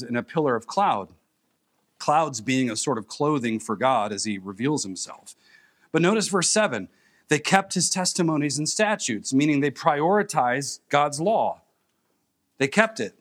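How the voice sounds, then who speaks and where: A man's voice: mid-range voice, fairly bright tone. Man preaching an emphatic sermon. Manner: emphatic preaching with pauses and repeated phrases. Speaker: pastor.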